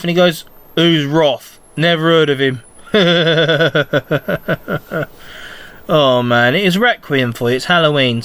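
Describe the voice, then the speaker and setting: A man hosting a casual solo podcast, recapping in a rambling, excitable fan's manner. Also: mid-range voice, smooth. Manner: rambling, excitable fan chatter. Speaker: podcast host.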